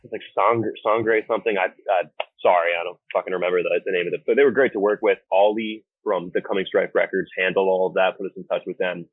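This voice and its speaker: Young American guy, band singer type: low, husky, blunt and sweary, easygoing storyteller, heard over a thin phone-like line. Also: steady tone, fast, no room sound. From United States. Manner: blunt, profane, laid-back storytelling. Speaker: band vocalist, guest. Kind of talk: casual interview chat. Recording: phone-like remote call audio.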